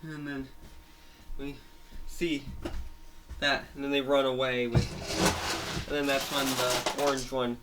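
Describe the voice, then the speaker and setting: A man's voice: mid-range voice, flat delivery, takes it slowly, pauses often, heavy background noise. A man retelling a made-up story in a rambling, hesitant way, with many restarts.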